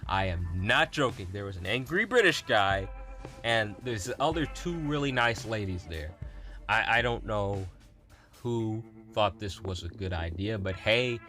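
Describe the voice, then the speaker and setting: A young man with a bright, forward voice rambles through a story for his gaming channel. He's animated and full of fillers and little laughs. Faint music plays behind him. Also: fairly low pitch, a little slow. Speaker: gaming YouTuber. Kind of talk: casual storytelling vlog.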